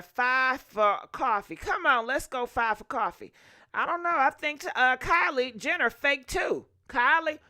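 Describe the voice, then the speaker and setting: Sassy high-voiced woman gossip host. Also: sharp tone, dry recording, studio quality. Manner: sassy, opinionated, talks straight to viewers. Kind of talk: casual gossip commentary.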